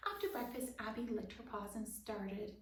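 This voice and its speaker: A woman reading a children's picture book aloud at storytime, softly, and dropping into whispered asides to explain the pictures. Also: mid-range voice, fairly even intonation, normal speed. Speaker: storytime reader. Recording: roomy, distant, faint hiss.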